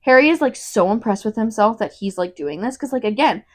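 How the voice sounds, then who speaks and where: A woman's voice: fairly high pitch, expressive. A young woman co-hosting a casual book review chat, retelling the plot in a rambling way and saying "like" constantly. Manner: rambling, fills every gap with "like", quick retelling. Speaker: podcast co-host.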